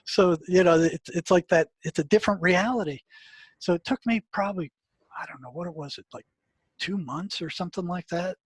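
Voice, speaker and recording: A man from the US, a guest in an interview, telling a story in a halting way, repeating words and acting out what people said. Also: high voice, husky, no echo. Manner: halting, repeats words, acts out quoted dialogue.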